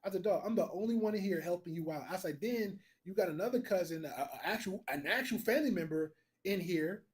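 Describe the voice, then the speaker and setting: A man co-hosting a podcast, telling a story in a blunt, profane, animated way. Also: high-pitched, fairly quick. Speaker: podcast co-host. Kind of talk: casual storytelling.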